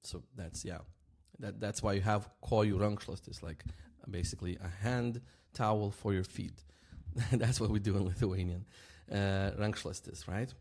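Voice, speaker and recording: A man gives a relaxed, casual language lesson, saying example words slowly and more than once while frequently asking "right?" His voice sits on the low side and sounds slightly rough.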